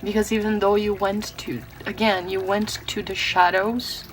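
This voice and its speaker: A woman's voice: mid-range voice, little pitch movement, normal speed, slight background noise, rough recording. A woman from Brazil giving a tarot reading, earnest and emotional, often restarting her words. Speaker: tarot reader.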